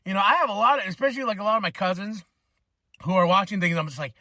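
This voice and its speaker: Animated high-voiced man ranting on a podcast. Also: very fast, no room sound, studio quality. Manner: animated, swearing, acts out quoted voices. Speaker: podcast host. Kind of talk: casual rant.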